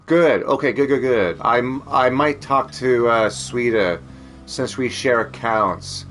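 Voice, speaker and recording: A man's voice: medium pitch, slow, a bit bright, soft background music. A man chatting casually as a streamer, rambling, joking and swearing freely. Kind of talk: casual chat.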